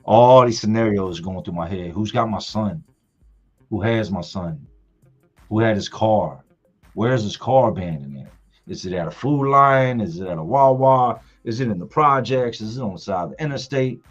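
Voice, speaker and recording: On a relaxed live stream, a middle-aged father tells a story from his family in a low, husky voice, with lively intonation at a moderate pace. He stresses words and repeats them for effect, and faint music sits beneath the dull, lo-fi sound.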